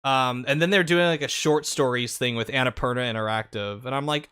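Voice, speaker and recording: A man's voice: medium pitch, fairly quick, hardly any pauses, pushed and bright, clean tone. A man co-hosting a casual gaming chat, giving strong opinions and laughing often.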